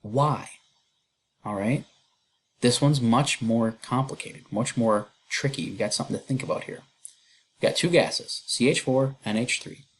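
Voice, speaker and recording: A man with a husky, slightly breathy voice talks through a chemistry lecture at a mid-range pitch. He keeps it casual and chatty, with fillers and self-deprecating asides. It sounds like a computer mic while he draws on screen. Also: unhurried. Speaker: chemistry teacher. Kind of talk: recorded lecture walkthrough.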